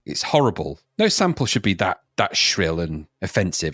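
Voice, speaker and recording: A man's voice: deep voice, very animated, moderate pace, over loud music. A man co-hosting a casual retro game review chat, talking in an emphatic, grumbling way and repeating "no, no, no". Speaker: podcast co-host.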